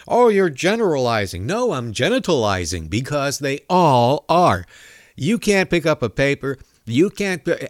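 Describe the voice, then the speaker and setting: A male talk show host delivers a comedic rant, profane and mocking, his pitch swinging widely as he jabs at his targets. The recording is close and dry, with no surrounding room.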